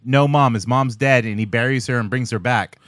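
A man's voice: medium pitch, a little fast, fairly bright tone, no echo, studio quality. A young adult man hosting a podcast, rambling in casual, profane banter and laughing often. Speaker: podcast host.

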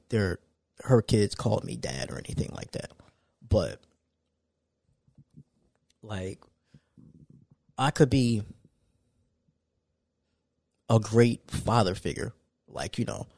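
Dude talking solo on his podcast, kinda low voice, chill but gets worked up. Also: vocal fry, no room sound. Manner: casual, conversational, animated when ranting. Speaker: podcast host.

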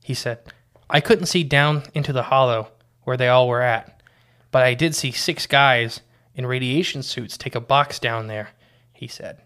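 A man's voice: mid-range voice, normal speed, a bit bright, clean tone. A man co-hosting a casual podcast, reading quotes from his notes and often restarting his sentences. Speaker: podcast co-host.

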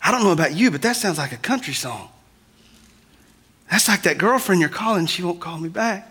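A man preaching to his congregation in a high, bright voice. He keeps it conversational and speaks to the people straight on. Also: animated, fairly quick. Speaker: pastor. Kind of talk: sermon.

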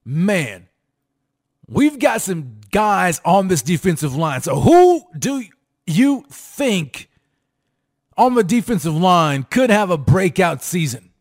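A man's voice: high-pitched, very animated, slow pace. A man hosting a sports talk show, hyped and repetitive, with sing-song emphasis as he calls out to his fans. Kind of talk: fired-up sports commentary to fans.

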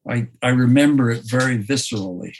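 A man, a photographer, talking in a slow, thoughtful way in an interview, often restarting his sentences and laughing softly. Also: medium pitch, a little hiss or hum, low-quality recording. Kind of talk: reflective conversational interview.

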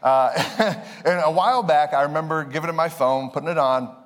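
A young man preaching a sermon in a relaxed, conversational way, mixing Bible reading with quick personal stories. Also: fairly high pitch. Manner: conversational, storytelling with quick asides. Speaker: pastor. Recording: long reverb in a hall.

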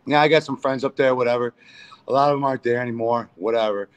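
A man's voice: medium pitch, fast talker, clear, resonant tone. A man, a pro wrestler guest, telling crude, profane backstage stories in a casual interview. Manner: profane, animated storyteller.

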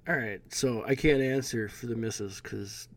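A married man in casual podcast chat, joking and swearing, who gets animated when telling a story. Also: medium pitch, normal speed.

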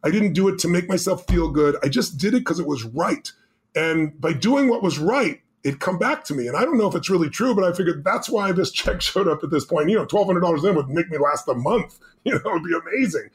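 A middle-aged man tells a personal story as a podcast guest, his voice rising and then dropping low. He talks quickly and in a fairly high register for a man. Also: animated. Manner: intense storyteller, swings between loud and hushed. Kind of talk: telling a personal story in an interview.

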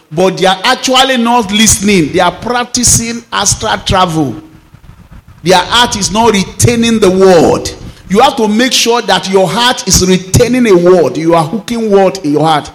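A man, a pastor preaching a sermon and drawing out scripture lines slowly for emphasis. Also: sits high.

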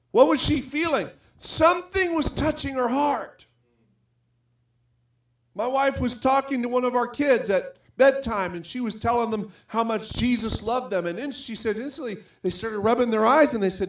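A man's voice: very high voice, moderate pace. A middle-aged man preaching a sermon as pastor, earnest and conversational, telling personal stories.

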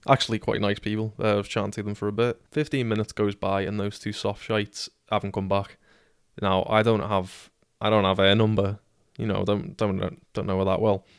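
A man's voice: lowish voice, little pitch movement, normal speed, clean tone, no room sound, clean studio sound. A man in his twenties with a British accent, telling a personal story casually, sweary and self-deprecating. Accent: British English. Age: 20s.

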